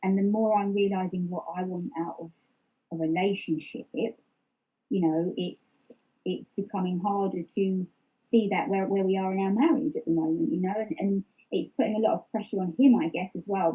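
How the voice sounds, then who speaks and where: A middle-aged woman, interviewed openly about her life, reflects candidly while repeatedly restarting sentences and using fillers. Her voice is medium-pitched and steady, dark in tone with a breathy edge, at a moderate pace. The recording is rough.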